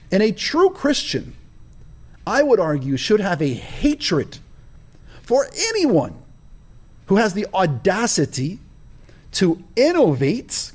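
A man's voice: on the high side, a little mellow. A man telling his own story as a guest in an interview, emphatic and stressing key words in a preaching cadence. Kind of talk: personal storytelling in a conversation.

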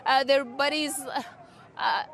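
A woman reporting live from outside a hospital, urgent and halting, with many fillers. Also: sits high, fairly even intonation, a bit bright. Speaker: field reporter. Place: outdoors at a hospital.

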